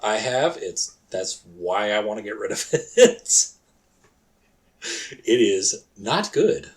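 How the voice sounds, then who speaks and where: A man's voice: lowish voice, lively intonation, takes it slowly. A man co-hosting a podcast in casual chat, crude and joking, swearing freely. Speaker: podcast co-host and storyteller.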